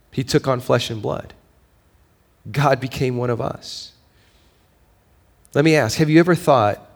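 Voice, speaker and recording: A male pastor giving a sermon, moving between quiet storytelling and raised, emphatic preaching, with a conversational habit of asking "right?". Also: mid-range voice, a little slow, pauses often. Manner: conversational, with fillers and frequent "right?".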